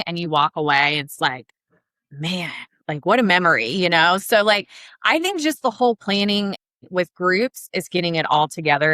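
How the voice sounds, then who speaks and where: A woman with a Southern accent, chatting as a podcast co-host in an upbeat, filler-heavy way. Her voice sits a little low but rings forceful and bright. The recording is close and dry. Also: clear, resonant tone, dry recording. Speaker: podcast co-host, travel advisor. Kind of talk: casual podcast chat.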